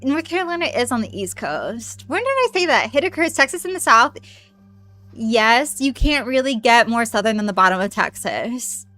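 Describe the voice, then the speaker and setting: A fairly high-pitched woman chats loosely with her stream while she plays, excitable and swearing freely. She breaks into squealing greetings for viewers, and soft game music plays behind her. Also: normal speed. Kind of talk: casual live-stream chat with viewers.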